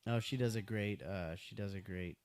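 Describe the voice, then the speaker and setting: A man's voice: lowish voice, normal speed, darkish tone. A man guesting on a podcast in casual chat, laid-back and laughing easily.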